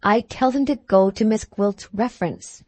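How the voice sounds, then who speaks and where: A woman's voice: medium pitch, moderate pace, a little mellow, no echo, lightly acted. A woman voicing a jealous, bedridden mother who gives curt, commanding orders in an audiobook. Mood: secretive.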